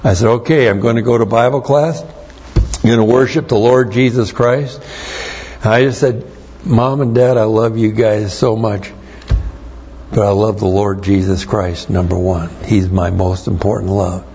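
A middle-aged man preaching a sermon, teaching slowly and with heavy emphasis, his voice a little strained. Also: on the low side, steady tone, warm tone, slightly rough, dull audio. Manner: slow, emphatic Bible teaching with repeated stresses. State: strained voice, coughing. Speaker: pastor.

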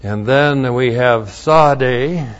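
A man's voice: mid-range voice, extremely slow, lo-fi sound. A man teaching scripture verse by verse, reading passages aloud with emphasis and spelling out Hebrew words letter by letter. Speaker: Bible teacher.

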